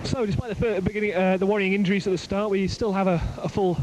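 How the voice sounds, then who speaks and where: A man giving live play-by-play rugby commentary outdoors at a ground, excitable and joking, his voice climbing as the play builds. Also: high voice, fast. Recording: noisy outdoor amateur recording.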